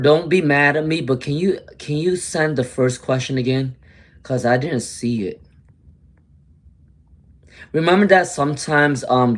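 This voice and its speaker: Guy doing a tarot live stream, chatty, talks to viewers by name, kinda mumbly when he's looking stuff up. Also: on the high side. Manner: chatty, answers viewers by name, mutters while searching.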